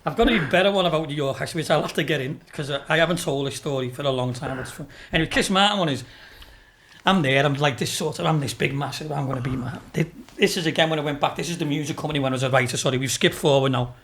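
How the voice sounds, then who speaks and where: Chatty high-voiced man telling stories. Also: very fast, a bit bright, a little hiss or hum. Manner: swears freely, laughs through his stories. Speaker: racehorse owner and businessman, podcast guest. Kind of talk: casual storytelling interview.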